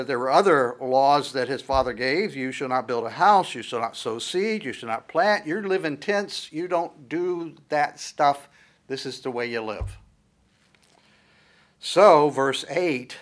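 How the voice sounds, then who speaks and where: A man at mid pitch delivering a sermon, retelling a scripture story in a conversational way with fillers and asides. He reads the verses aloud with building emphasis. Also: fairly bright tone. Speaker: preacher.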